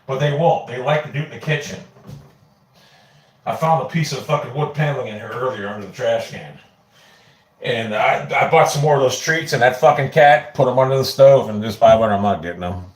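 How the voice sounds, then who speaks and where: A man's voice: medium pitch, brisk, echoey room. A man chatting casually on a livestream from his home kitchen into a phone, rambling and swearing as he snacks. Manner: rambling, profane, easily excited.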